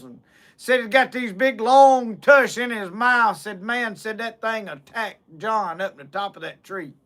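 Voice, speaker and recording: A Southern man spins a comic hunting tall tale in a drawl, piling up clause after clause. His voice sits very high and bright, with a ringing edge. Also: a little slow. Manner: drawling, repeats "said" constantly. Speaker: storyteller.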